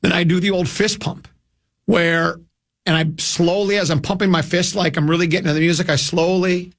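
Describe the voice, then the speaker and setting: A man's voice: high voice, steady tone, a little fast, vocal fry, a bit bright, no room sound, studio quality. An older man from hosting a radio show, telling a rambling, self-mocking anecdote with many restarts. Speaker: radio host.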